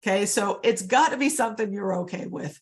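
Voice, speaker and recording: A woman's voice: mid-range voice, brisk, creaky. A woman coaching real estate agents in a live online session, chatty and upbeat, often calling her audience guys, on a computer mic.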